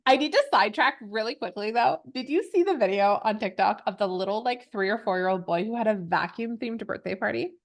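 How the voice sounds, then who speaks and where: A woman in her thirties co-hosting a podcast, chatting casually with quick laughs and self-mocking asides. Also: mid-range voice. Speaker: podcast co-host. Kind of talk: casual chat.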